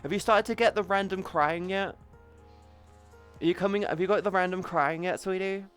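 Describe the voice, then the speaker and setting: A woman's voice: mid-range voice, normal speed, smooth, soft background music. A young woman chatting on a live stream, playful and crude, calling her chat sweetie and baby. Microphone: headset boom mic.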